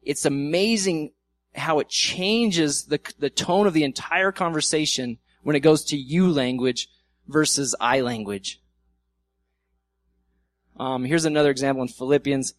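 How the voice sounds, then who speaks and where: A man's voice: a little high, a little slow. A man preaching a sermon in a church in a conversational way, acting out quoted arguments with humor. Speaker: pastor.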